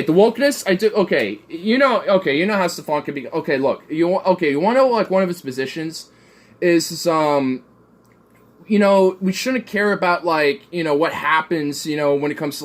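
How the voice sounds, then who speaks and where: Drunk guy on a stream, super swingy voice, loud, rambly, swears a ton. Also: on the high side, animated, brisk. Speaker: livestream co-host. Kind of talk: casual drunken chat.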